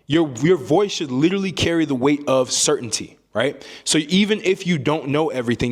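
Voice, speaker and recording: A man's voice: fairly high pitch, a little fast, few pauses. A man giving a motivational speaking lesson as a communication coach, emphatic and repetitive, often ending points with a tag question.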